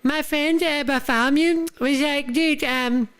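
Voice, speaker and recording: A man voicing a squeaky, excitable young dude who rambles through a story, repeating "dude" and "and like". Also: a little slow. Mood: gossipy.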